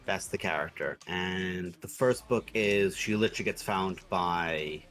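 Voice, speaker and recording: A man streaming while he draws, chatting casually in rambling, sweary, animated rants. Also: deep voice, unhurried.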